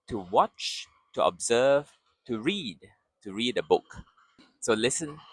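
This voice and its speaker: A male language teacher talking very slowly and patiently, his fairly high voice swinging up and down with lively pitch. The sound is dry and close, with no room in it. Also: husky, dry recording. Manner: slow, patient drilling with exaggerated repeated syllables. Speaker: Mandarin teacher. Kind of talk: slow pronunciation lesson.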